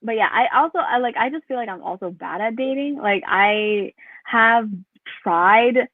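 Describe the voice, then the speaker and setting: A woman's voice: fairly high pitch, expressive, unhurried, no room sound. A young woman from New doing a rambling stand-up set, full of fillers and laughing at her own jokes. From New York. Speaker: stand-up comedian. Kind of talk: stand-up set over a video call. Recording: tinny phone-like call audio, dry.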